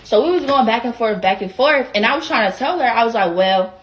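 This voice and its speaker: A woman's voice: a little high, animated, brisk. A young woman with an Atlanta Southern accent telling a casual, profane storytime rant, acting out the other people's lines in quoted voices. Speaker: vlogger.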